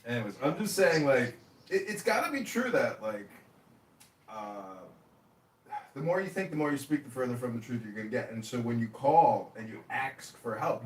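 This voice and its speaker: A man's voice: medium pitch, moderate pace. Guy rambling stories, swears a lot, kinda far from the mic in an echoey room, bit of hiss. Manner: animated, acts out quoted voices, profane. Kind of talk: casual rambling storytelling. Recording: echoey room, distant from mic, faint noise.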